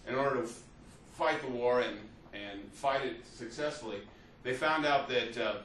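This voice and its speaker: A man's voice: mid-range voice, moderate pace, a bit bright. Male history teacher, casual lecture style, off-mic in an echoey room with faint background hum. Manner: conversational, acts out quotes, frequent "you see" and "right?". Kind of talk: classroom lecture. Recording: roomy, distant, faint ambience.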